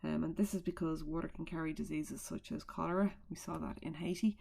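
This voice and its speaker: A woman's voice: low voice, steady tone, brisk, gravelly, darkish tone, breathy edge. A woman teaching a recorded remote lesson from home, talking chattily into a computer mic with asides and fillers as she explains.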